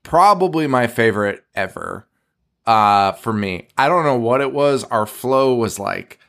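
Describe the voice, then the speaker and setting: A relaxed man chatting as a podcast co-host, mid-pitched and easygoing. He swears freely and breaks into laughter often as he talks. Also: measured pace, gravelly. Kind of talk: casual chat.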